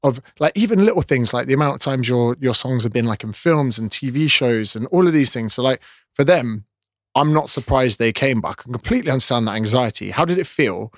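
A man's voice: medium pitch, animated, a little fast, no room sound, studio quality. A man hosting a podcast in casual chat, enthusiastic and swearing casually. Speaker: podcast host.

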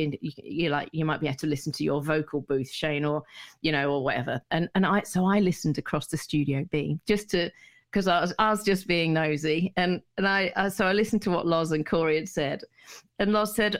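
A woman's voice: low-pitched, fairly quick. A middle-aged woman, a radio DJ telling stories in a casual, rambling chat full of restarts and laughter. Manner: rambling and chatty, many restarts, laughs easily. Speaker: radio DJ, guest.

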